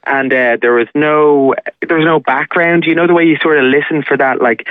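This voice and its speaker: A man's voice: a little high, steady tone, brisk, dry recording. A man calling in to a radio show, telling a long personal story in a rambling way full of uh fillers. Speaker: caller sharing a scam story. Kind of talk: casual phone-in storytelling. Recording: phone line.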